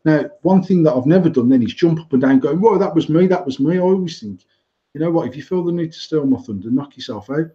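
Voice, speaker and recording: Blunt sweary man in his forties, mellow tone. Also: on the high side, lively intonation, quick pace, dull audio. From England. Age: 40s. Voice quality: blunt and sweary, rambling with restarts. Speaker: podcast co-host, company director. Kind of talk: casual chat.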